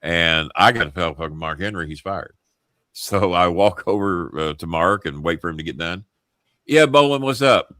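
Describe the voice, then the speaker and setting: A man's voice: low voice, normal speed, pushed and bright, no room sound, clean studio sound. A middle-aged man hosting a talk show, telling a story in a rambling, profane, self-interrupting way. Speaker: host. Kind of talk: casual storytelling.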